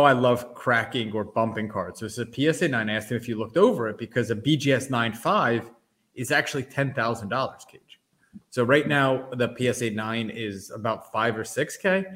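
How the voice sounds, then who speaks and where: An animated man co-hosts a sports and card-collecting chat and explains things eagerly. His voice sits in an ordinary middle range. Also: mid-range voice. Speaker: co-host.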